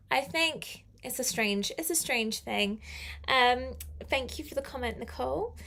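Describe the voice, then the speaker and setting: A woman's voice: on the high side, vocal fry, a bit bright. A woman teaching a live online English lesson, chatty and encouraging as she answers viewer comments.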